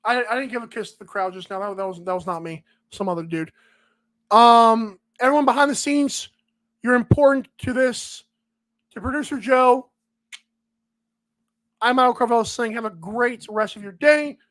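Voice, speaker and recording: A man's voice: very high voice, normal speed, long pauses, fairly bright tone. A man hosting a solo sports podcast, ranting emphatically and repeating lines with sarcasm. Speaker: podcast host.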